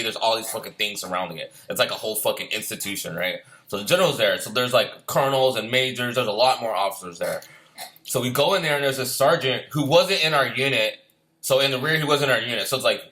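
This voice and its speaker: A man's voice: mid-range voice, bright, forceful tone. A middle-aged man, a former Marine, telling a rambling, profane war story in casual talk. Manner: profane, rambling, repeats himself. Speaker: former Marine recounting deployment.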